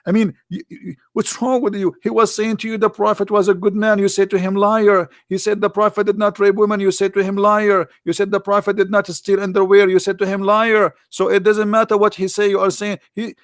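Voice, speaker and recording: A man voicing an exasperated male chat-room admin who shouts and stumbles over his words as he scolds his users. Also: high-pitched, little pitch movement, a little fast, hardly any pauses, dry recording, clean studio sound, pitched above the performer's own voice. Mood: furious scolding.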